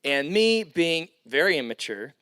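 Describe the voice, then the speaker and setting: Youth pastor guy, lively storytelling sermon, slightly high smooth voice. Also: a little slow. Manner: animated, acts out quoted voices with big pitch jumps.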